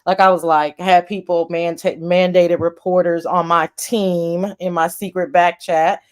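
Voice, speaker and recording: A woman's voice: on the low side, level tone, unhurried, clean tone. Woman livestream host, blunt, questioning, casual commentary, swears.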